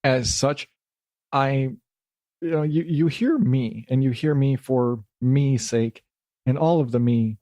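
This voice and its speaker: A man's voice: mid-range voice, takes it slowly, warm tone, no room sound. A middle-aged man hosting a solo podcast, rambling and self-deprecating, swearing casually and dropping into silly voices now and then. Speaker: podcast host.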